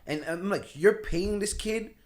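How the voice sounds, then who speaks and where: A man's voice: high-pitched, a little slow. A man who is a guest on a podcast in casual chat, speaking passionately and often repeating himself.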